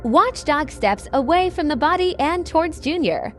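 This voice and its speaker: A woman reading a horror story in a slow, measured scripted narration. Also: sits high, animated, a bit bright, soft background music.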